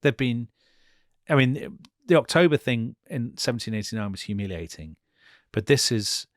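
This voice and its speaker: A man's voice: mid-range voice, animated, normal speed, no room sound, studio quality. A man co-hosting a history podcast, retelling events vividly and dropping into quoted speech for the people in the story. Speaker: podcast co-host.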